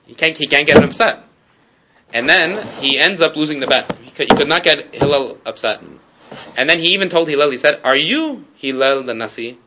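A fairly high-pitched man talks a little fast in a very noisy recording. As a Torah teacher giving a relaxed class, he tells stories laced with Hebrew terms and rhetorical asides, restarting and repeating himself often.

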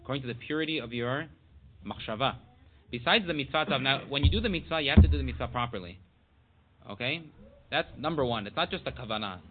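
A Torah teacher gives a casual class, talking conversationally with many asides, lots of "you know," and Hebrew terms. His mid-range voice is expressive and quick, heard over a tinny, phone-like line with faint noise.

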